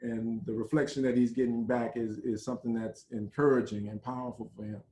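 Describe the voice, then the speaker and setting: A man, a theater director, animatedly retells a play in a casual talk, pausing often on fillers. His voice is mellow and mid-pitched. It sounds like an echoey room. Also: flat delivery.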